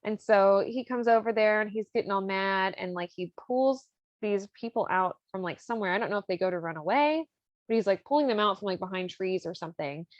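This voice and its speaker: A woman hosting a podcast, casually retelling an opera plot in a rambling way, full of fillers and quick laughs. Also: medium pitch, no room sound, highs cut off. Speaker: podcast host.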